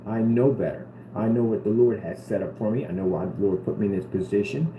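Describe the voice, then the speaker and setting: A man's voice: fairly low pitch, fairly quick, narrow, tinny audio. Man talking earnestly, roomy noisy sound. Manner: earnest and rambling, repeats himself. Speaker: vlogger. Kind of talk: casual talk to camera. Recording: roomy with steady background noise.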